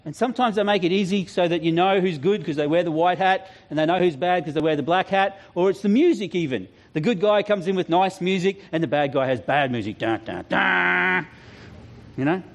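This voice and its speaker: Man preaching, pretty high voice, jokey storytelling sermon vibe. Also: fast, few pauses, a little mellow. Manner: chatty, humorous storytelling with asides. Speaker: youth pastor.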